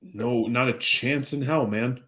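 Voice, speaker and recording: A man in his thirties speaks at a measured pace in a medium-pitched, slightly bright voice as a podcast co-host. His casual chat runs to long, rambling stories with dry jokes and plenty of swearing.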